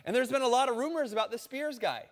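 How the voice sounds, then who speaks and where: A man preaching a sermon, telling a story with animated quoted voices. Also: very high voice, fast, long reverb tail. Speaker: pastor.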